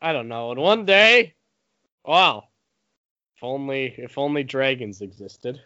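A man's voice: medium pitch, lively intonation, measured pace, sharp tone, no room sound. A man co-hosting a casual podcast with goofy, playfully naive jokes. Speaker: co-host. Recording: dry, dull lo-fi sound.

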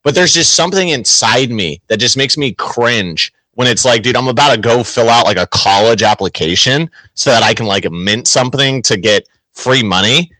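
Guy rambling on a podcast, lots of "like" and "dude", bright tense voice, dead dry sound. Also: medium pitch, animated, moderate pace, few pauses, no room sound, poor audio. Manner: rambling, heavy on filler words. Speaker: show regular. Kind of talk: casual podcast chat. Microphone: home computer mic.

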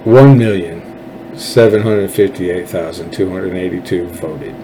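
A man's voice: low-pitched, fairly even intonation, unhurried, dark tone, a little hiss or hum, poor audio. A Texan man hosting his own show, ranting about politics in an angry, profane, sarcastic way. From Texas. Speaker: political commentary host. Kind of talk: ranting solo commentary.

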